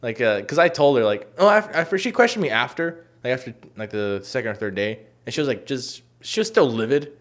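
A young man in casual chat, telling a long story with many fillers and profanity, acting out quoted lines loudly. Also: medium pitch, expressive, fairly quick, few pauses.

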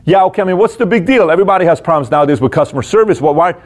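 A man's voice: high voice, animated, rapid-fire. A man mimicking a distracted, dismissive male customer service rep who hurries through a call and brushes off the caller.

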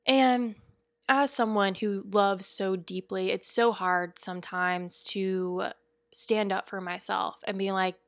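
A woman's voice: mid-range voice, steady tone, slow pace, dry recording, clean studio sound. A woman hosting a spiritual coaching podcast, talking in an earnest, chatty and rambling way with frequent asides. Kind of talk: casual spiritual podcast monologue.

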